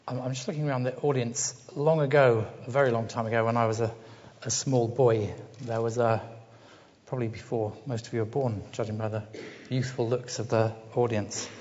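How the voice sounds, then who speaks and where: A middle-aged man giving a conference keynote in a hesitant, self-deprecating way with many pauses. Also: mid-range voice, level tone, darkish tone. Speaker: keynote speaker. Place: large conference hall. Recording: dull sound with long hall reverb.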